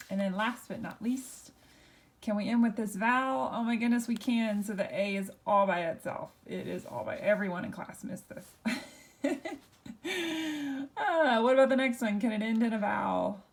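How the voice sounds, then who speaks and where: A woman's voice: mid-range voice, creaky, a little mellow. Patient woman teaching a recorded lesson. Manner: patient, explains step by step with questions. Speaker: Spanish teacher.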